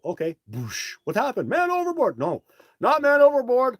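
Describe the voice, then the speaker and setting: A man's voice: mid-range voice, darkish tone, dry recording. A man hosting a casual live stream, reading viewer comments and telling blunt, brash stories. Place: home setup, speaking to a phone.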